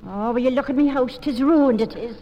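A woman's voice: sits high, fairly quick, muffled recording, close to an everyday voice. An actress playing a fussy, domineering middle-aged Irish mother in 1940s radio acting. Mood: dismayed. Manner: fussing, domineering. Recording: old radio broadcast with long reverb.

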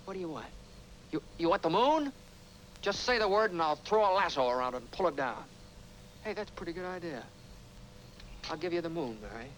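A man's voice: on the high side, expressive, a little fast, pauses often, a bit bright, slight background noise, rough recording. An actor playing an eager young man who talks big about seeing the world, in 1940s film style. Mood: tender. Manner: boyish, big-talking and playful. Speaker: film character.

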